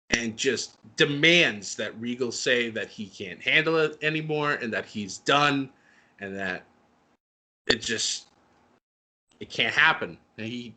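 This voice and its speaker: A middle-aged man co-hosting a podcast, telling a story in an excitable, emotional way. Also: mid-range voice. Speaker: podcast co-host. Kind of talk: casual chat.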